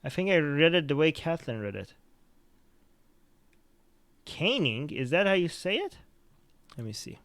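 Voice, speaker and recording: Speaking a little fast with big swings in his fairly high voice, this non-native English speaker hosts a podcast where he reads viewer comments and gives crude, blunt takes on the news. The audio has no echo.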